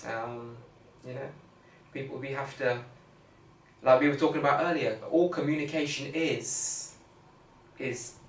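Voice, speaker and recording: A man co-hosting a podcast, talking casually and rambling, often saying "you know what I mean". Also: medium pitch. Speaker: podcast co-host. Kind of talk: casual chat. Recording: roomy echo, far from mic, faint hiss.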